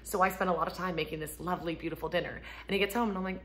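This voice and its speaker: A woman in her thirties, a homeschooling mom, chatting casually to camera from home, laughing often and acting out quotes in a higher voice. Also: steady tone, rapid-fire, few pauses, a bit bright. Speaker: homeschooling mom and ministry speaker.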